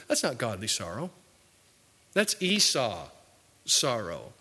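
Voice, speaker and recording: A man's voice: huge pitch swings, a little slow, pauses often, bright, forceful tone, husky. Man preaching in a reverberant hall. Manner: earnest preaching, swings between emphatic rises and low asides. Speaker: pastor. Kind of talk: sermon.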